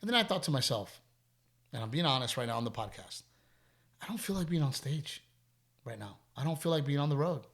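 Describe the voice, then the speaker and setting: A man's voice: medium pitch, sing-song, a little fast, long pauses, a bit bright. A middle-aged man hosting a podcast, talking candidly in casual chat and telling stories with emphatic repetition. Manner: candid, storytelling, repeats himself when emphatic. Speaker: podcast host.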